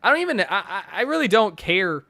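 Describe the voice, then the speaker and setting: A man's voice: high voice, very animated, a little fast, creaky, bright, forceful tone, dry recording. A young man casually chatting on a stream and reading donations, rambling and swearing with frequent laughs and fillers. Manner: rambling, profane, laughs often, many fillers.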